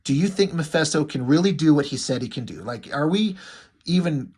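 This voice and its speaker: A man's voice: fairly high pitch, lively intonation, brisk, darkish tone, breathy edge. A man reading out the lines of an anguished young wife from a comic book in his own plain voice. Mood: pained, pleading. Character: anguished young adult woman, wife in pain.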